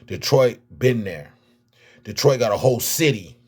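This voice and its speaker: Slangy, animated man from Miami. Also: medium pitch, normal speed, breathy edge. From United States. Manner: animated, slangy, repeats himself. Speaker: rapper and vlogger. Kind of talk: casual sports talk vlog.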